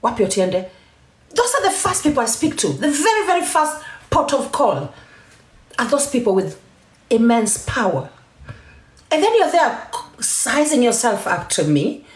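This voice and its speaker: Speaking at a moderate pace, this Kenyan TikTok live host swings her high voice through big pitch changes in an echoey space. She mixes English and Swahili, emphatic and defiant, in a heated rant to her stream.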